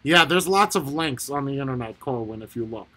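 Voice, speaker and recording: A man's voice: medium pitch, expressive, fairly quick, bright, forceful tone. A man hosting a casual live stream, reading out and answering viewers' comments, often breaking into laughter and swearing casually. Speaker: livestream host reading chat.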